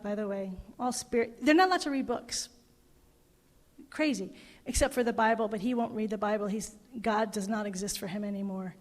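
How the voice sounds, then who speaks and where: A middle-aged woman minister giving a sermon, telling a story with emotion and voicing the people in it. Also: a little high. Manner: emotive, retelling a story with quoted voices. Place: parish hall. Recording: long hall reverb.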